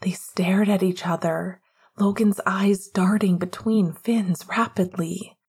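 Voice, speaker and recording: A woman reading romance narration in a hushed, half-whispered voice. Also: mid-range voice, steady tone, slow, husky. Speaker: audiobook narrator.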